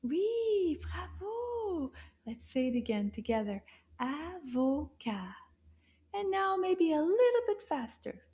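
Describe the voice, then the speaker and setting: A woman's voice: high-pitched, very animated, moderate pace, few pauses, darkish tone. A woman teaching beginner French words to young children, encouraging them in a sing-song voice and drawing out each syllable. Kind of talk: slow, clear children's lesson with repetition.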